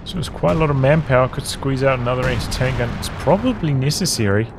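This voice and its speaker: Game caster, male, calm analytical play-by-play, battle sounds clearly under the voice. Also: mid-range voice, quick pace, background noise. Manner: calm, analytical, even-paced. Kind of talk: strategy game play-by-play commentary. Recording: commentary over loud game sound. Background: gunfire, artillery and vehicles.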